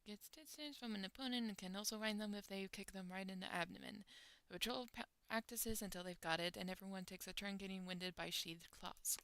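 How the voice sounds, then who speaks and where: A woman streamer reading game events aloud with lively emphasis while playing, muttering asides between passages. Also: mid-range voice, brisk.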